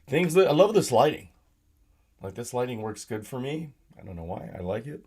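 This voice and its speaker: A man's voice: mid-range voice, big pitch swings, normal speed, dark tone, slightly rough. A tired man with a sore voice, hosting a solo live stream from his desk, rambling with lots of fillers and talking to himself as he clicks around his computer. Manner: rambling, filler-heavy, self-talk while using the computer. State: tired, sore voice from yelling at work. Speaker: podcast host. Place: home desk with laptop and monitor.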